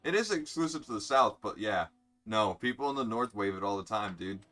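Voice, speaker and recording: A man's voice: on the low side, animated, fairly quick, bright, forceful tone. Sweary young man streaming a racing game. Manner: blunt, sarcastic, swears freely. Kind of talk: casual live-stream chat while gaming.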